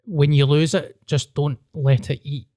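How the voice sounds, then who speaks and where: A man's voice: a little high, level tone, a little slow, warm tone, no echo, clean studio sound. A man with a Glaswegian Scottish accent, a comedian hosting a podcast, chatting bluntly with sweary, self-mocking banter. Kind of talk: casual podcast chat.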